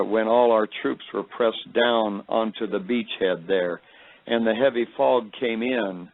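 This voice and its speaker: A man giving a personal testimony, telling his story in a halting, rambling way with many fillers, his voice deep and tired tonight. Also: gravelly. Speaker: speaker recounting a vision. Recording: phone-like radio broadcast.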